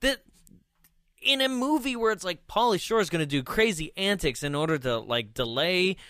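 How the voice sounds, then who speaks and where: Bright-voiced rambling young man. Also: high-pitched, expressive, normal speed, clear, resonant tone, no room sound, clean studio sound. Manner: rambling, lots of "like" and restarts. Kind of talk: casual chat reviewing a movie.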